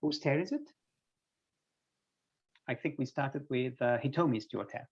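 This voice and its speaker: A man's voice: medium pitch, moderate pace, husky, lo-fi sound. A man teaching an online English class, patiently quizzing students by name and explaining word pairings, heard over a video call.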